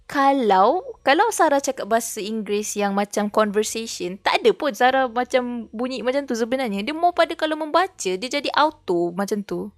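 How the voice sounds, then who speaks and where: A talkative Malaysian woman with a Malay mother tongue chats on a live stream, flipping between Malay and English. Her voice sits a little higher than most, close and dry on the mic. Soft background music plays quietly underneath. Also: no echo. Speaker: VTuber streamer. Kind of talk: casual live-stream chat and reading aloud. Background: faint background music.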